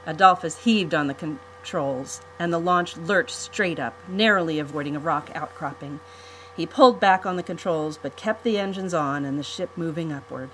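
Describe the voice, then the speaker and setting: A woman reading a storybook aloud in an even, measured manner. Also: lowish voice, a little hiss or hum, low-quality recording. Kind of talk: storybook narration.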